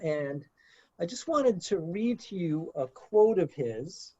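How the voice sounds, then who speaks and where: A man's voice: sits high, very animated, takes it slowly, warm tone, breathy edge, no room sound. A man leading a group discussion in a conversational lecture style. He talks hesitantly, with many fillers. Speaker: discussion leader. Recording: dull lo-fi dry sound.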